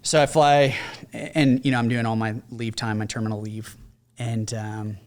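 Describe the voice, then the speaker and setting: A man's voice: mid-range voice, little pitch movement, normal speed. Male podcast guest, middle-aged veteran, frank conversational storyteller. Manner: candid, conversational, mimics others in quoted lines. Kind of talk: casual storytelling.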